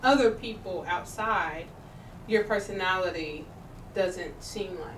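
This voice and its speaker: A woman's voice: fairly low pitch, a little slow, slight background noise. A woman co-hosting a talk show who listens closely and replies supportively. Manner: supportive, backchanneling. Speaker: podcast co-host. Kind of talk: casual chat. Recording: echoey room, far from the mic.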